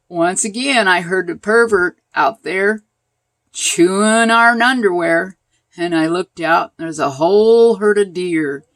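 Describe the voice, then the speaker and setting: An older woman casually telling a personal story as a vlogger, animated and laughing, pointing things out as she goes. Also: lowish voice, takes it slowly, no echo.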